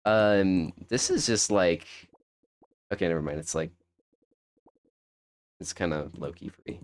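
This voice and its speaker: A young man with a fairly low voice talks through a fighting game live, thinking aloud and correcting himself as he goes. His commentary is casual and rambling, spoken close into a desk mic. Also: measured pace.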